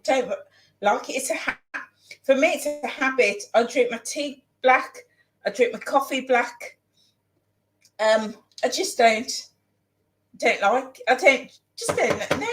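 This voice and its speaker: A woman's voice: fairly high pitch, low-quality recording. A woman chatting casually in her home kitchen as she cooks, rambling and repeating phrases for emphasis. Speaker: vlogger. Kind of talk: casual chat while cooking.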